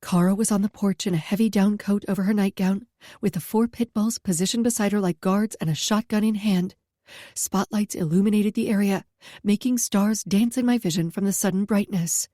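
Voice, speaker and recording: Mellow female audiobook narrator. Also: medium pitch, fairly even intonation, normal speed, no echo, studio quality. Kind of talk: first-person story narration.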